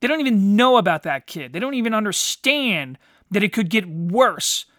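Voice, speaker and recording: High-voiced man on a profane rant. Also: lively intonation, moderate pace, a bit bright, dry recording, clean studio sound. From United States. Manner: blunt, heavy swearing, frequent "you know". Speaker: podcast host. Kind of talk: profane ranting monologue.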